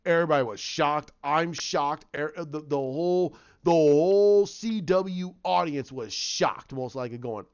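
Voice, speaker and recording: Excitable ranting male TV reviewer. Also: fairly high pitch, moderate pace. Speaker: TV show reviewer. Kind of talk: casual reaction vlog. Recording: dull lo-fi sound.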